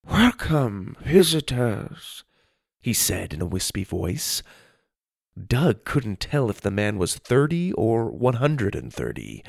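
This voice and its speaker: A man reading a children's story aloud as narrator, in an expressive storytelling manner. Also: on the low side, measured pace, vocal fry, no room sound, studio quality.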